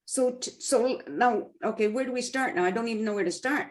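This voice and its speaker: A woman hosting an interview over a video call, chatty and quick to apologize, with self-deprecating asides. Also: on the high side. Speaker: interview host. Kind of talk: casual conversational interview.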